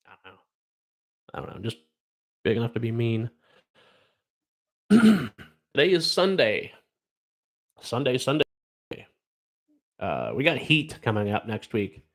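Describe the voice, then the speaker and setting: A man's voice: on the low side, expressive, fairly quick, long pauses. Rambling middle-aged man on a live stream. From Ohio, USA. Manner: rambling, wry, lots of fillers and trailing off. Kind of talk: casual chat reading odd news.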